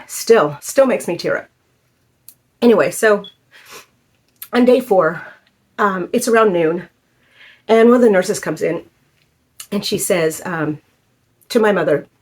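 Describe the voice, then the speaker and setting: A woman in her fifties telling a personal story in a halting, emotional way, with many fillers. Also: mid-range voice, darkish tone. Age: 50s. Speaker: vlogger.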